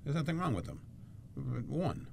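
A man's voice: a little high, huge pitch swings, normal speed, a little mellow. A man co-hosting a casual talk show, telling chatty anecdotes with many fillers. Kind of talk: casual chat.

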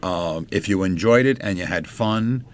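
A man's voice: low-pitched, moderate pace. A man hosting a radio interview, chatty with joking asides. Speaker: radio host.

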